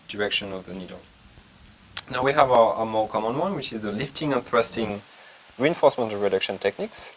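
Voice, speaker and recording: Calm man teaching acupuncture. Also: lowish voice, a little hiss or hum, low-quality recording. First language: French. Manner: calm, methodical, explaining step by step with hesitations. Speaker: acupuncture lecturer. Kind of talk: clinical demonstration tutorial.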